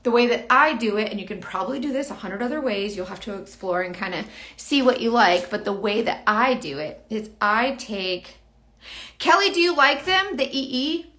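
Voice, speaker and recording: A woman's voice: mid-range voice, normal speed, fairly bright tone. A young woman giving a casual, rambling makeup tutorial. She chats to herself as she works. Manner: rambling, chatty, talks to herself while working. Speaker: beauty vlogger.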